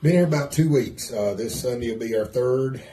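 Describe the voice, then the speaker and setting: A man with a Southern US accent, from the Mississippi coast, talking as a pastor in a casual interview, relaxed and hesitant with many fillers. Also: medium pitch, fairly quick, slight background noise. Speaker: pastor, guest.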